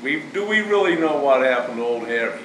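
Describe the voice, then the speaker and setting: A man's voice: medium pitch, lively intonation, fairly quick, a bit bright, roomy sound, far from the mic, slight background noise, rough recording. A man from Maine on a podcast, chatting casually in a wry, joking way. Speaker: podcast co-host. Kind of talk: casual chat.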